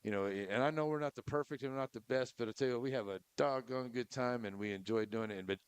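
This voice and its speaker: A man co-hosting a local sports radio show, folksy and animated, laughing often. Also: mid-range voice, fast talker, smooth, no echo. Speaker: co-host. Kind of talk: casual radio talk.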